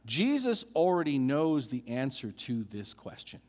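A man preaching a sermon as a pastor, animated and building emphasis through repeated phrases. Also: mid-range voice, unhurried, big-room sound.

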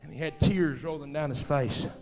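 A male pastor preaching a fervent sermon in a church, swinging between hushed, intimate passages and loud, shouted exhortations. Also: on the high side, normal speed, in a large hall. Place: church sanctuary.

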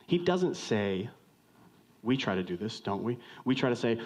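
A man preaching a sermon, animated, acting out short dialogues with jumps in pitch. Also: normal speed. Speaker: pastor.

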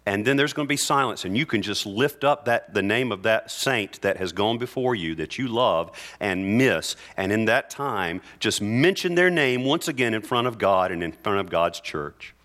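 A male pastor preaching earnestly in church, reading scripture aloud with slow, emphatic phrases. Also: fairly low pitch, expressive, fairly bright tone. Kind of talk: sermon.

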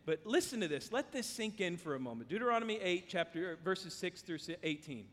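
High-voiced preacher in a reverberant hall. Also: male voice, expressive, a little fast, fairly bright tone. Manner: earnest, emphatic preaching with personal stories. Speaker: pastor. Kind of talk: sermon.

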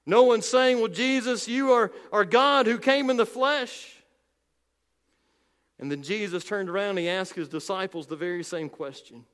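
A male pastor preaching a sermon with emphasis, slowing down and dropping low on key phrases. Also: fairly bright tone, clean tone, big-room sound.

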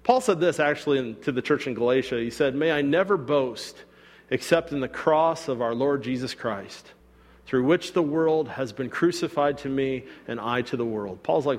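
A man's voice: medium pitch, moderate pace. A man preaching a sermon as pastor, talking casually and acting out quotes, sometimes with sarcasm. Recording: long reverb of a church hall.

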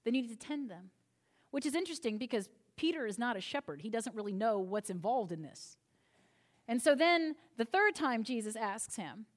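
A woman's voice: on the high side, very animated, brisk. A woman preacher delivering a sermon in a conversational way, retelling a scripture story with asides to the listeners.

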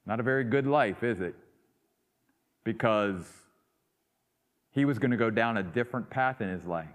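A man preaching a sermon, rising to loud emphatic peaks and dropping to quiet asides. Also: mid-range voice. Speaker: pastor. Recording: long hall reverb.

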